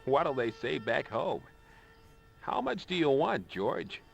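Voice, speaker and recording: An actor playing a folksy, gruff older American man with a blunt, drawling way of talking, in video game dialogue. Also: medium pitch, big pitch swings, takes it slowly, faint music behind, heavily acted.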